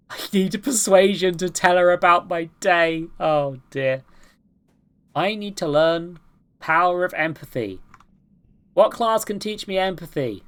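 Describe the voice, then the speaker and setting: A woman streaming a game, chatting and joking about herself as she plays. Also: on the low side. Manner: chatty, self-deprecating. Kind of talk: let's play with reading aloud.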